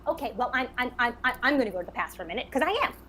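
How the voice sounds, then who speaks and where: A woman's voice: fairly high pitch, lively intonation, racing, bright, forceful tone, slight background noise. A woman playing a blunt, confrontational middle-aged businesswoman in a comic improvised reality-show reenactment, accusing and talking over others.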